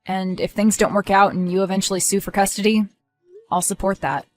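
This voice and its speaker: A woman voicing a worried, earnest young man who is about to become a father, speaking softly. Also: mid-range voice, steady tone, brisk, faint music behind, lightly acted.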